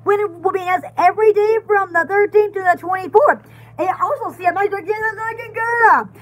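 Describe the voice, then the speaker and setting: A woman's voice: very high-pitched, a little fast. A woman hosting a live sale, chatty and giggly, stumbling and repeating words. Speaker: live-stream seller. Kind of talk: casual live sale chat.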